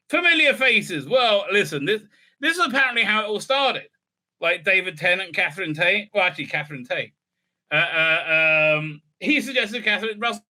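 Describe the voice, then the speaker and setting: Male commentator, sarcastic and rambling, very bright voice, slightly high pitch. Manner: rambling, sarcastic, many fillers and restarts. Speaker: video commentator. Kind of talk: casual solo commentary.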